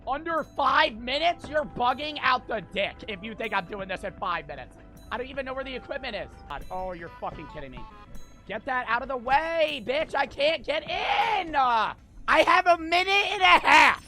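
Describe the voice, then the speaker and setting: A young man streaming a surgery game, yelling and swearing in frantic outbursts. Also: extremely high pitch, sing-song, normal speed, faint music behind. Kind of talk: live gameplay commentary.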